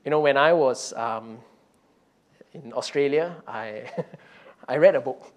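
A man's voice: mid-range voice, slow, highs cut off. A man preaching a conversational sermon and telling a story, with frequent "you know" fillers and restarts. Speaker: pastor.

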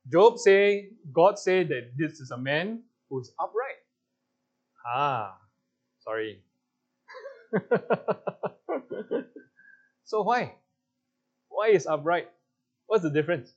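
Singaporean guy teaching a bible class, slow and bouncy, teasing the group, kinda muffled recording. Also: on the high side. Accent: Singaporean English. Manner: playful, coaxing questions to the group, laughs often. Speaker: pastor leading a Bible class.

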